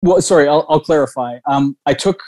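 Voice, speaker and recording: A man's voice: on the high side, fairly quick, warm tone. A young man from Canada, a comedian guest on a podcast, who speaks hesitantly and corrects himself as he goes. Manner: hesitant, self-correcting, laughs lightly. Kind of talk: casual podcast chat.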